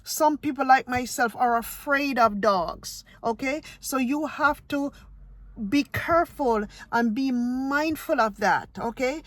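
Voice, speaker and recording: A woman's voice: high voice, dry recording. A woman from Ohio talks straight into her phone in a casual vlog. She lectures emphatically, circling back to hammer her points home. The sound is dry and close, with no room around it. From Ohio, USA. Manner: emphatic, lecturing, repeats herself. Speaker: vlogger.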